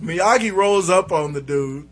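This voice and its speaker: Bright high-voiced man telling laughing stories. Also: lively intonation, measured pace. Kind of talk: casual chat.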